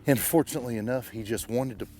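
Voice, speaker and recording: A man's voice: mid-range voice, quick pace, dark tone, soft background music. A man who is a bowhunter, narrating his hunt in short, plain spoken phrases, talking outdoors in the woods. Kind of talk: hunting show narration and field talk.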